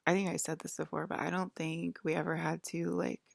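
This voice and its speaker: A woman talks in a loose, rambling monologue, filling her sentences with "like". Her voice sits low and carries a gravelly fry. The sound is dry and close, with no room around it. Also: little pitch movement, fairly quick, dry recording. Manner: rambling, heavy use of "like". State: close to tears.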